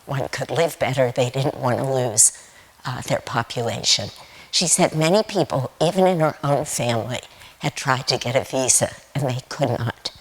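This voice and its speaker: A woman giving a Sunday sermon, reading scripture quotes in a slow, tender way. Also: extremely low pitch, husky, poor audio. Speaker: guest speaker at Sunday service.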